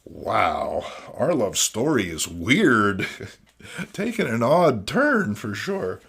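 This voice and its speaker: A man's voice: lowish voice, very animated, very slow, vocal fry, a bit bright, slightly rough. A man hosting a casual, jokey review of old comics, full of sardonic asides and "you know what I mean.". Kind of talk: casual comedic commentary.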